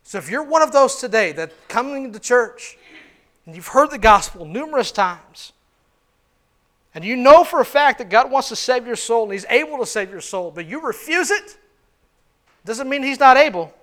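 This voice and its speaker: Man, pastor, sermon, very high voice, bright, forceful, hushed to shouting, questions the congregation. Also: lively intonation, normal speed. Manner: fervent preaching, swinging from hushed to shouted; asks the congregation many questions. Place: church.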